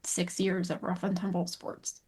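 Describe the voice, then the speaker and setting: A woman's voice: on the low side, monotone, measured pace, a little mellow, breathy edge. A woman on a pet podcast, explaining dog social needs in casual chat with playful analogies and quoted conversations. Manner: storytelling, uses analogies. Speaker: podcast co-host, dog trainer.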